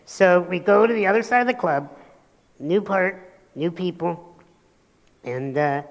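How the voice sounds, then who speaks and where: A male motivational speaker giving an animated keynote, telling stories and acting out voices in a large hall. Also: high voice, unhurried, muffled recording. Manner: animated storytelling, acts out voices. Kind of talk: keynote talk on stage. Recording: long hall reverb.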